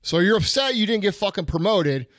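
A middle-aged man speaks in a somewhat high voice, blunt and heavy on profanity as he rants. The sound is close and dry, recorded on a studio mic with no room behind it. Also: expressive, a little fast, fairly bright tone, no echo. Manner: blunt, profane, fired-up ranting. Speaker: podcast host. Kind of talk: casual podcast chat.

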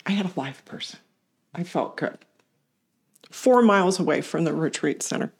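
A woman telling a personal story to a meditation community, animated, acting out what others said and laughing along the way. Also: fairly low pitch, moderate pace, creaky, husky. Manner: animated retelling with acted-out quotes and laughs. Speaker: community member sharing practice.

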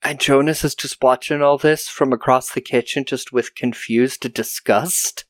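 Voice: medium pitch, fairly even intonation, a little slow, no room sound. A podcast host casually recapping a TV episode, telling it as a story. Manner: storytelling, acts out quotes.

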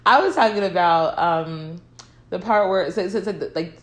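A woman in casual chat about a film, animated and quick to push back and tease. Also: fairly low pitch. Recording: echoey room.

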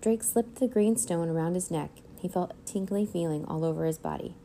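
A woman reading a children's chapter book aloud in clear, even storytelling. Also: lowish voice, fairly quick, slight background noise. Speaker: read-aloud narrator.

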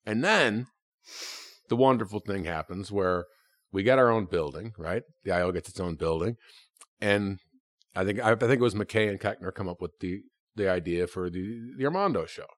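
A middle-aged man reminiscing in casual chat, his lowish voice stumbling through restarts and casual swearing. He sounds like a fellow improviser talking shop. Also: dry recording, studio quality. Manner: halting, full of restarts and profanity.

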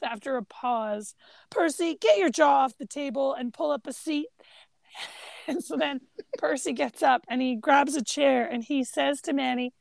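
A woman's voice: high-pitched, normal speed, vocal fry, dry recording. A woman co-hosting a casual film chat, retelling scenes and acting out the lines. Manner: animated, acts out quoted lines. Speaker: podcast co-host.

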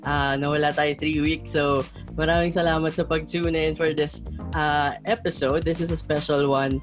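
Podcast host with music behind. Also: male voice, a little high, flat delivery, moderate pace. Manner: upbeat, mixes Tagalog and English. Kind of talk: casual podcast chat.

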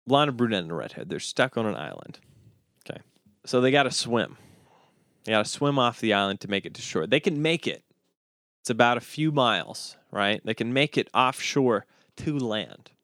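A man hosting a podcast, telling jokes in an animated, chuckling way and often repeating himself. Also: medium pitch, normal speed, no room sound, studio quality. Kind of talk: casual joke-telling chat.

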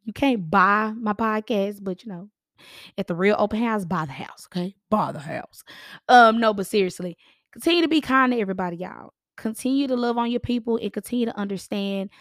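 A hoarse woman in her thirties with a raspy voice, hosting a casual podcast and chatting to listeners as y'all. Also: mid-range voice, no echo, studio quality. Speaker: podcast host, realtor.

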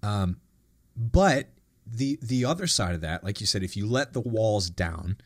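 A man's voice: lowish voice, expressive, unhurried, no room sound, studio quality. A man hosting a conversational interview, speaking in a reflective, thoughtful way. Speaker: podcast host.

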